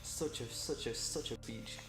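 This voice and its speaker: A man's voice: mid-range voice, unhurried, over loud music. A young man in casual chat, enthusiastic and repeating himself a lot.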